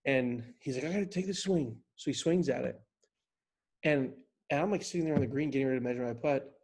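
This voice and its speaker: A man guest on a casual podcast, telling a long animated golf story in a rambling way. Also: medium pitch, quick pace.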